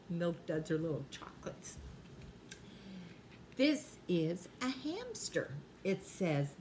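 An older woman reads a children's book aloud to her grandchildren at bedtime. Her voice rises and dips with lively expression at an unhurried, gentle pace, and she leans playfully into each joke's punchline. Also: medium pitch, slight background noise.

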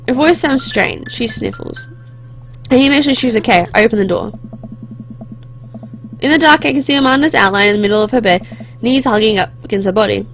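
A young woman reading a story game aloud in first person and breaking off into chatty, reflective asides. Her voice sits somewhat high. Faint music plays under her. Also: animated, a little fast, a bit bright. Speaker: let's play host. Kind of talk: reading a visual novel aloud with commentary.

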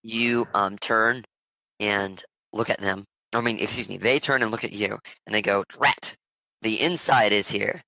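A man from Germany narrating a tabletop game as game master, relaxed and correcting himself as he goes. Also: lowish voice, moderate pace, vocal fry, dry recording, low-quality recording.

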